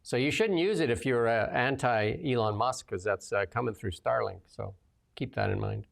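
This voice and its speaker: A man's voice: medium pitch, normal speed, creaky. A man hosting a political talk show, commenting casually with sarcastic asides and frequent laughter. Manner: sarcastic, rambling, laughs often. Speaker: host.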